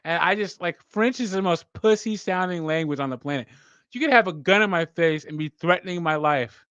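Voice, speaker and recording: A man's voice: high voice, fairly quick, fairly bright tone, clear, resonant tone, no room sound, highs cut off. A man co-hosting a casual chat, joking crudely, swearing and laughing often. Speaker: co-host.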